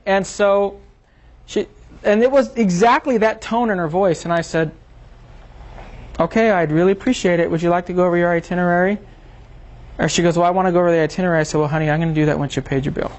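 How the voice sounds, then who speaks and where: A man's voice: high voice, a little fast, pauses often. A man presenting a seminar to a small group, talking casually and acting out quoted exchanges as he tells a story. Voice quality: animated storyteller, acts out quotes.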